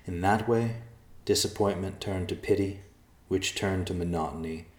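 A man narrating an audiobook in a measured, deliberate way. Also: low voice. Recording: echoey room.

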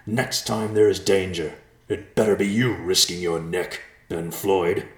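A man puts on a gruff elder bear for a storybook reading, growling his words slowly and loudly. The voice sits very deep, and the room around it rings with echo. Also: fairly even intonation, close to an everyday voice. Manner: growling, slow and loud when angry. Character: gruff elder male bear, short-tempered.

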